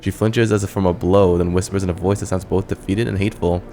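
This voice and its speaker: Deep, monotone man, casual game commentary, reads the text aloud. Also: fast, hardly any pauses, soft background music. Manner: relaxed, reads dialogue and narration aloud. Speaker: gamer.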